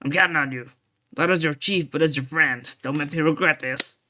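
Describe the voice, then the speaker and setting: A man's voice: a little high, a little fast, pushed and bright, a little hiss or hum. A man voicing a stern middle-aged male police chief, speaking with firm, weary reproach. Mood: earnest.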